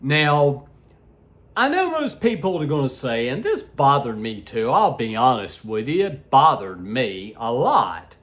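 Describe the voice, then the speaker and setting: A man giving a heated, blunt political rant for his video blog, crude and laughing at his own jabs, shouting one moment and muttering the next. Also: wildly swooping pitch, measured pace. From United States. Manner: heated, swinging between shouts and low asides. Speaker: political vlogger. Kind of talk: ranting opinion vlog.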